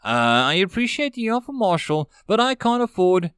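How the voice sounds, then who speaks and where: An old male veteran in a sci-fi audiobook answering with respectful duty, as a man reads his part. The voice is fairly high and lively in pitch, recorded dry and close. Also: normal speed, smooth, no room sound. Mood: grateful. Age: older.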